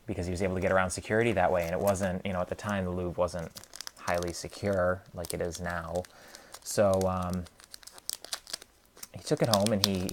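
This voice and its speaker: Brief: male host, lowish voice, casual meandering storyteller opening card packs. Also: slight background noise. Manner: meandering, hedging, many ums and restarts. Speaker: card unboxing channel host. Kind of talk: casual rambling storytelling while unboxing cards.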